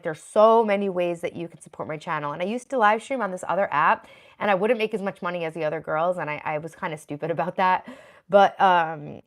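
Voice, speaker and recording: Her voice on the low side and fairly bright, this thirty-something streamer reads chat from her home office. She talks with viewers in a casual, earnest way and thanks them by name, recorded through the computer at her desk.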